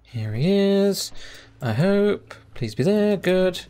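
A man's voice: sits high, sing-song, slow pace, dark tone, smooth. Man rambling over gameplay. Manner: rambling, thinks aloud with fillers and trailing sentences. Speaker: gaming channel host. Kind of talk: casual gameplay commentary.

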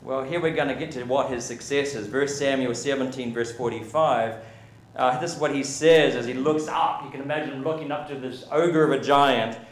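A man's voice: medium pitch, steady tone, fairly quick. Preaching man in an echoey church. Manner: preaching with rising emphasis and questions to the congregation. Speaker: pastor. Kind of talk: sermon. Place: church sanctuary.

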